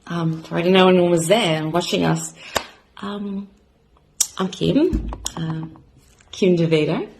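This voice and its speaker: A woman in her thirties with an Australian accent, speaking in a rather low voice. She introduces herself to camera as a new beauty vlogger in a rambling, halting way, full of fillers and restarts. She sounds emotional, close to tears. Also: background noise. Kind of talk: casual heartfelt self-introduction to camera.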